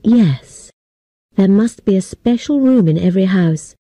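A woman narrating a story for English learners in a plain, steady, clearly paced reading. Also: medium pitch, a little slow, dry recording.

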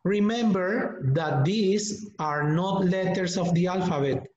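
A man teaching English pronunciation in an online webinar, modeling words slowly and deliberately for students to repeat. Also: high-pitched, darkish tone, slight background noise. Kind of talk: online webinar lesson, drilling sounds. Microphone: computer mic on a video call. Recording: echoey, dull lo-fi webinar audio.

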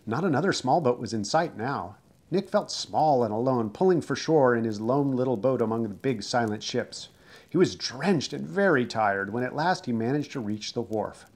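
A man reading a children's book aloud, expressive and dramatic, shouting out the characters' cries. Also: mid-range voice, moderate pace. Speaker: storyteller.

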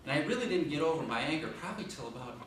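A man gives a humorous speech and swings his pitch widely as he tells the story. He is recorded from a distance in a very echoey meeting room. Noise runs underneath. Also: very fast. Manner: animated comic storytelling. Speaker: contest speaker.

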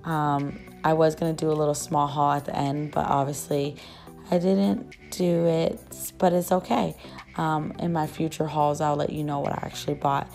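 A young woman vlogger, her voice still rough after losing it, chatting and gushing in a casual shop-with-me voice-over. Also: low-pitched, steady tone, normal speed, darkish tone, faint music behind. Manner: gushing, chatty, many fillers. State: rough voice, just recovering.

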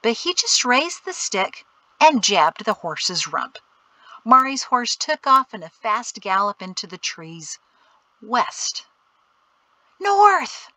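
A woman narrating an audiobook in a clear, steady storytelling way. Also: medium pitch, unhurried, dry recording, poor audio.

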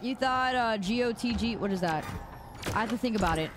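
A woman's voice: a little high, brisk, music in the background. A woman game streamer chatting casually and teasingly with her viewers while she plays. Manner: animated, teasing, talks to chat. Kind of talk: casual live-stream chat.

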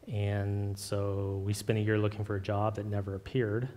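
A man preaching an informal sermon with personal testimony, earnest and halting, with many fillers and restarts. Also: level tone, a little mellow. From Oregon. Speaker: lay preacher. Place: church sanctuary. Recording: long hall reverb, faint rumble.

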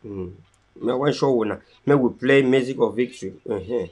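At a normal speed, a man with a Cameroonian Pidgin English accent delivers a fervent live-stream address that's repetitive and sermon-like, alternating loud pleading with quiet murmuring.

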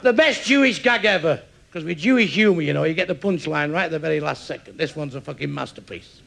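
A Mancunian stand-up comedian with a gravelly, fairly high voice, firing off crude jokes with deadpan punchlines. He is recorded on a stage mic in a club, with a faint hiss behind him. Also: fast. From Manchester, England. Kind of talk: stand-up joke telling.

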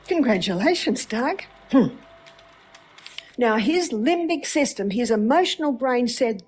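A woman's voice: fairly high pitch, expressive, unhurried, pauses often, faint music behind. A woman giving a faith-based lecture, telling a story with rhetorical questions. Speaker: speaker.

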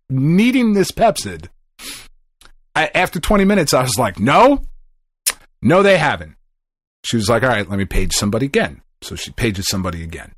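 A middle-aged man co-hosting a podcast, telling a story in a casual, animated way, swearing often and acting out the people he quotes. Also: mid-range voice, no echo, studio quality. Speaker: podcast co-host.

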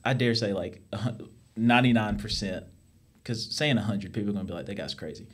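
A man hosting a podcast, joking and rambling in a warm-hearted way. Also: lowish voice, fairly quick. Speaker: podcast host, teacher. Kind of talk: casual chat.

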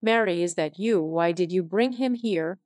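A woman voicing a cross, sleepy husband woken from his nap in a read-aloud novel, in her own even reading voice. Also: fairly low pitch, normal speed, no echo, natural voice.

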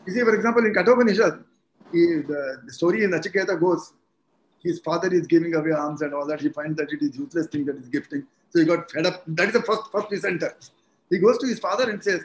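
Elderly man, echoey room. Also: fairly high pitch. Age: around 80. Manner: measured, explanatory, animated when telling stories. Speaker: guest, retired judge. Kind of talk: conversational interview, storytelling. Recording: echoey room with faint background noise.

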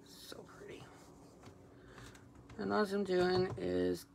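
A woman talks slowly through a paper-craft demo in a low, gravelly voice, chatting and thinking aloud as she colors and glues. She pokes mild fun at herself between steps. The home recording carries steady background noise. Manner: chatty, self-deprecating, thinking aloud while working. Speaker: crafting demonstrator. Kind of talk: casual how-to commentary while crafting.

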